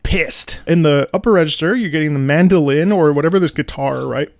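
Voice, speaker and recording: A man giving a casual, excitable breakdown of game music, singing melody lines in scat syllables with chatty fillers. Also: on the high side, a little fast, gravelly, dry recording, clean studio sound. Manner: profane asides, chatty fillers. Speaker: video game music analyst.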